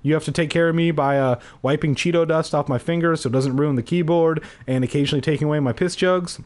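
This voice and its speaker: A man's voice: fairly high pitch, steady tone, fast talker, voice pushed up, natural voice. A man voicing a smug, creepy young man who talks in a bossy, rambling way.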